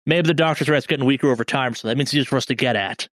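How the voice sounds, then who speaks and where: A man voicing a rabidly excited male military major who talks boastfully and swears. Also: mid-range voice, very fast, dry recording, studio quality, lightly acted. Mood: gleeful.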